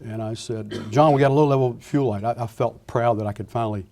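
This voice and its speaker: An older man, a retired Air Force pilot, giving a lecture full of anecdotes and acting out the dialogue with lively restarts. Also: medium pitch, fast. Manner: animated storyteller acting out dialogue, frequent restarts.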